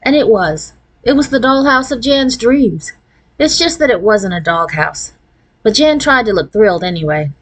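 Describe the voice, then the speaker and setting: A woman reading a children's chapter book aloud in an expressive storybook cadence. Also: fairly high pitch, moderate pace, rough recording. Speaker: read-aloud narrator.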